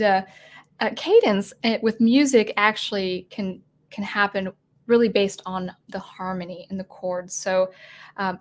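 A woman teaching music composition in a casual video lesson, thinking aloud with many fillers and restarts, her throat getting dry. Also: mid-range voice. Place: at home with a digital keyboard.

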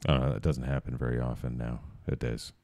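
A man's voice: very deep voice, flat delivery, fast talker, warm tone, dry recording. A man hosting a reaction video, chatting casually and rambling off into asides with small laughs. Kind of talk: casual commentary.

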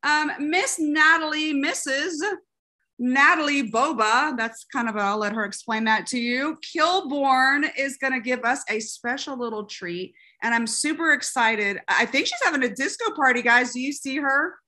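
A woman gushing excitedly as she introduces a guest on a video call. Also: fairly high pitch, moderate pace, few pauses. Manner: gushing, excited, says y'all. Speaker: meeting co-host. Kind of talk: casual introduction.

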